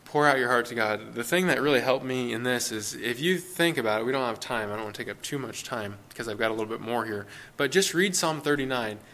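Bright-voiced man preaching conversationally. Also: mid-range voice, quick pace, few pauses. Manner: conversational, self-interrupting, laughing asides. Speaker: pastor. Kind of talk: informal sermon.

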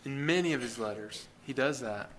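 A man's voice: medium pitch, moderate pace, fairly bright tone. A man preaching a sermon as pastor, speaking in an earnest, plain-spoken conversational way and putting rhetorical questions to the congregation.

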